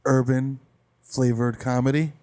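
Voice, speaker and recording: A man playing a stiff, formal entertainer who talks slowly in a lowered voice to a suspicious neighbor. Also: flat delivery, darkish tone, natural voice. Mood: stiffly formal.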